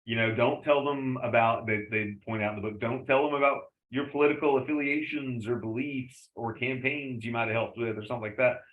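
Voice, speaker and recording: A man's voice: medium pitch, steady tone, a little fast, few pauses. Rambling man in a roomy, dull recording. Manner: rambling, with many fillers and self-corrections. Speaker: instructor. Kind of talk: casual lecture on resume writing.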